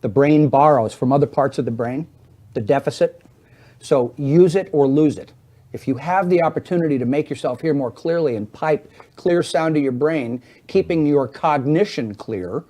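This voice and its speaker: A man's voice: fairly high pitch, moderate pace, warm tone. A middle-aged man who is a guest on an interview show, explaining at length in an earnest, persuasive way. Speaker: hearing aid business guest.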